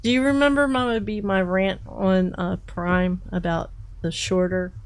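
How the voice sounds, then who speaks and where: A woman's voice: medium pitch, fairly even intonation, a little slow, smooth, poor audio. A woman co-hosting a crafting livestream in casual, teasing chat, laughing often and bossing her partner around in fun. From not from New York.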